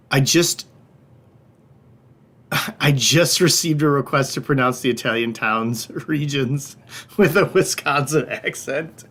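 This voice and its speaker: A middle-aged man hosting a livestreamed wine tasting class. He talks in a casual, joking, loose way and swears now and then. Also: mid-range voice. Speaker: wine shop host.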